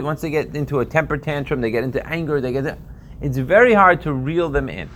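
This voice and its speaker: A man's voice: medium pitch, a bit bright, slight background noise. A man teaching a text-based class in a conversational way, often checking in with his listeners and trailing into asides. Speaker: Torah teacher. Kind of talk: casual explanatory class.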